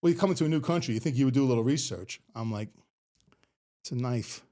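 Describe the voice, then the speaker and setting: A middle-aged man, a retired police officer, telling stories in a casual, animated way and laughing often. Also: mid-range voice, fast. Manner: animated, laughing often, acts out quoted voices. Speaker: podcast guest. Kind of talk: casual storytelling.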